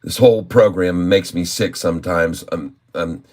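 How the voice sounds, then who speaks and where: A man's voice: sits low, normal speed, a little mellow. Grumbling man cursing at his trades. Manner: grumbling, cursing, exasperated muttering. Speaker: day trader vlogger. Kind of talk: casual live trading commentary.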